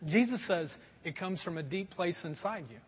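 A middle-aged pastor delivers an animated, folksy sermon at a moderate pace in a high, slightly husky voice, frequently calling out to the congregation. The audio has a long hall reverb and a somewhat dull sound, like a church sanctuary recording.

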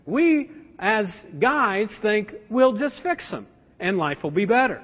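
A man in his thirties preaching a sermon as a pastor, animated and joking with his congregation. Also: sits high, takes it slowly. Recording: dull sound with long hall reverb.

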